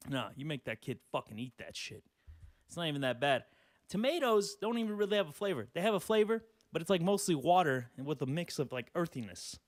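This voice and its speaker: A man's voice: on the high side, very animated, fairly quick, dry recording, clean studio sound. A man in his twenties hosting a solo podcast, rambling and cursing casually and laughing as he talks. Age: 20s. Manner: rambling, profane, laughs often. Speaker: podcast host.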